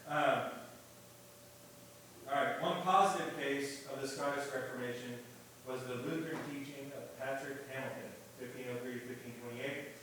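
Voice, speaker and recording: A man's voice: medium pitch, steady tone, normal speed, a bit bright. A man teaching a church history class in a casual lecturing way, often checking in with "right?". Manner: casual, keeps asking "right?". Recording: echoey room, distant mic, faint hiss.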